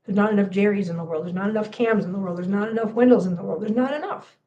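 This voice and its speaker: A woman's voice: medium pitch, very fast, warm tone, dull audio, a little hiss or hum. A woman hosting a cat channel livestream, tearful and talking to viewers in an emphatic, impassioned way that repeats phrases.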